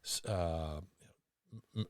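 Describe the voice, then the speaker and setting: A man's voice: a bass voice, very slow, a little mellow, dry recording, clean studio sound. A man hosting a podcast, talking with enthusiasm and rambling through fillers and restarts. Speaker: podcast host. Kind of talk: casual podcast chat.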